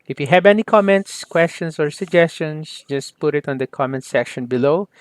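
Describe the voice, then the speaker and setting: A man teaching a software tutorial step by step, often saying "okay" and "there you go" as he works. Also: a little high, normal speed, no room sound. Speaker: software instructor. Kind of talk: screen-recorded software tutorial.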